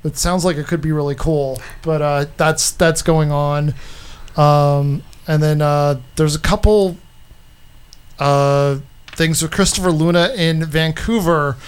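A man hosting a radio show, announcing upcoming events in a halting way with many fillers and restarts. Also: fairly high pitch, fairly even intonation, smooth. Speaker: radio host.

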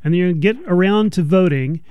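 A male radio host interviewing a guest, talking in a halting way with many fillers. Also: high-pitched, smooth, no room sound, lo-fi sound.

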